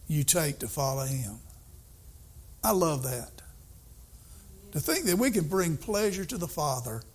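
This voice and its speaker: An older man preaching a sermon, emphatic, swinging between soft asides and excited outbursts. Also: sits high.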